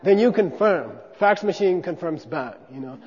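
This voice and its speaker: A husky, high-pitched male teacher of monastic debate jokes around while loudly barking out drill syllables for his students to echo back. His delivery is expressive and at a normal speed, in a hands-on class demonstration built on call-and-response. The recording is dull and muffled, captured in a reverberant hall.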